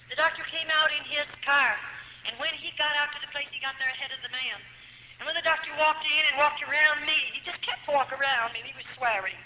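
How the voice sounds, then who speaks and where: A woman's voice: sits high, sharp tone, slight background noise. A woman from the United States telling her life story as a dramatic, emotional testimony in a church hall. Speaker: testimony speaker. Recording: tinny old recording in an echoey hall.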